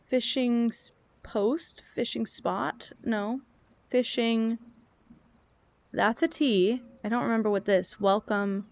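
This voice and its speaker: A woman's voice: fairly high pitch, steady tone, takes it slowly, darkish tone. A woman streamer chatting casually while playing a game, rambling from thought to thought and answering her chat.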